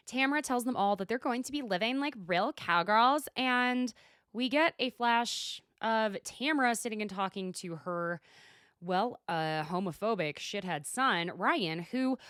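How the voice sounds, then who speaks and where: Lively, sarcastic woman podcast host. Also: mid-range voice, unhurried, clean tone, dry recording, studio quality. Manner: chatty, sarcastic, gossipy. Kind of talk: casual solo recap podcast.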